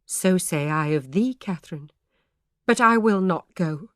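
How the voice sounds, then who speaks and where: A woman's voice: lowish voice, expressive, a little slow, no echo, studio quality. A woman reading the lines of a troubled, devout male parson in grave, formal old speech.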